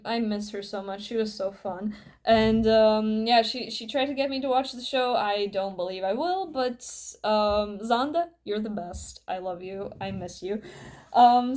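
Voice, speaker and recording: Brief: fairly high-voiced woman, rambling casual vlogger, swears freely, recorded at home on a camera mic. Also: a little mellow. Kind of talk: casual show-and-tell vlog.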